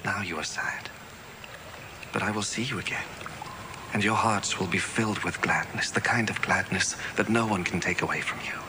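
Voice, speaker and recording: An actor playing a gentle, deep-voiced Jesus. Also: male voice, normal speed, noisy background, natural voice. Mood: tender. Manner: soft, tender, partly whispered. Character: Jesus speaking gently to his disciples. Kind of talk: film drama with music. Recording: film audio with music.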